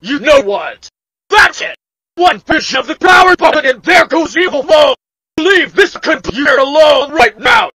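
A man voicing an enraged purple dinosaur in evil mode, yelling and ranting in a fan cartoon. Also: sits high, unhurried, creaky, long pauses, dry recording, exaggerated voice, rough recording.

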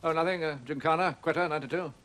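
An actor playing a modest, self-deprecating former army officer in a 1970s period drama. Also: male voice, a little high, fairly even intonation, racing, background noise, natural voice. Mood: diffident. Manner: diffident, self-deprecating, mumbling.

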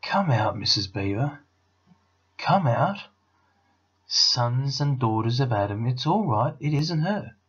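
A man voicing an excited male talking beaver in a storybook reading, raised and shouting. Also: unhurried, long pauses, husky, lo-fi sound. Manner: excited, shouting, higher than his own voice.

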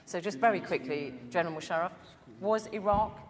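Female debate moderator, lower voice, pushes and cuts in, miked in a reverberant concert hall. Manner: brisk, interrupting. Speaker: debate chair. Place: large concert hall with audience. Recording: long hall reverb, audience noise.

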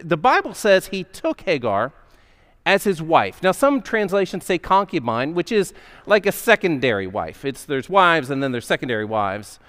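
A man's voice: high voice, a bit bright, clear, resonant tone. A male pastor preaching a sermon in a conversational storytelling manner, acting out the characters' voices. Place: church sanctuary. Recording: long hall reverb.

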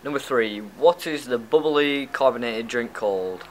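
This YouTube vlogger from Lancashire, England, is a young man doing a tag video, talking bluntly and casually with the odd swear word in a northern accent. He speaks a little slowly at medium pitch. There's slight hiss or hum on the low-quality recording.

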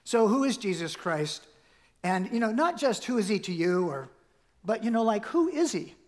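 A high-pitched middle-aged man preaching in a church. He talks in a loose, conversational way, full of fillers and restarts. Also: expressive, moderate pace, a little mellow. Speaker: pastor. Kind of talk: sermon.

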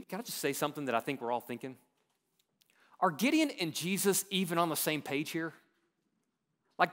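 A pastor preaching a sermon in a church, with a light Texan accent, swinging from loud emphatic questions down to quiet, drawn-out endings. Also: male voice, fairly high pitch.

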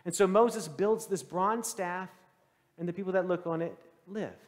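High-voiced male pastor in reverberant sanctuary. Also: moderate pace. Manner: conversational, quizzes the congregation; acts out quoted voices. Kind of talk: sermon. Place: church sanctuary. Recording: long church reverb.

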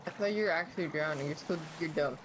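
A woman's voice: sits low, fast talker. A woman guesting on a game stream, chatting casually and insisting on her plans in a playful way. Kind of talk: casual gaming chat. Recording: noisy mic.

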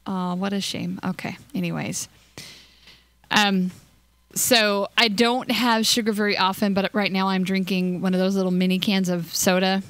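A woman's voice: medium pitch, little pitch movement, normal speed, a bit bright, clean tone, no echo. A young woman casually commenting on her gameplay, chatty and scattered, giggling and cooing at little in-game creatures. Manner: hyper and scattered. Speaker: let's play host.

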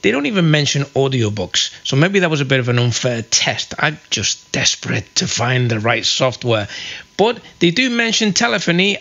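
A man hosts a casual review, talking viewers through software step by step in a chatty way. His voice sits fairly high. It has a bright, forceful edge. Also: highs cut off. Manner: chatty, explanatory walkthrough.

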